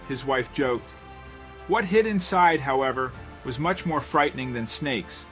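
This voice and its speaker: A man's voice: mid-range voice, lively intonation, measured pace, fairly bright tone, soft background music. A man reading a scripted mystery story as narrator, with a dramatic storytelling delivery.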